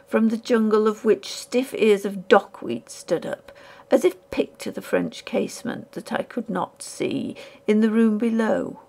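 Female narrator for a ghost-story audiobook, lively pitch, gravelly edge, hushed whispery delivery. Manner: measured, hushed dramatic reading with whispered asides.

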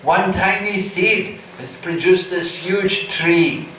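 A man voicing a humble, devoted cobbler who speaks gently and with wonder. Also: high-pitched, takes it slowly, a little hiss or hum. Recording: echoey hall, distant mic.

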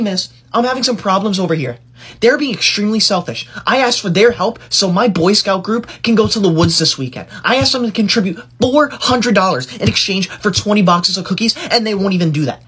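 A man's voice: high voice, sharp tone, breathy edge, heavily acted. A man playing a bossy, self-righteous schoolkid, a teacher's pet who lectures others and threatens to tell the teacher. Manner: preachy, whiny, quick to threaten to tell the teacher. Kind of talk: comedy sketch acting.

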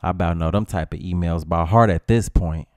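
A man's voice: deep voice, a little fast, darkish tone. Guy roasting everybody in a comedy story, slangy, music playing faint. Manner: brash slangy trash-talk. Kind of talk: comic storytelling skit.

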